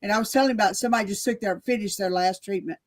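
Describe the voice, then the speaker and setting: A woman's voice: mid-range voice, rapid-fire. A woman chatting on a live show, telling a story in a matter-of-fact way. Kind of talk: casual live chat.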